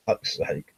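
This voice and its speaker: A man's voice: lowish voice, gravelly, husky, no room sound. A man chatting casually on a live stream, rambling with lots of ums and restarts and reading viewer comments aloud.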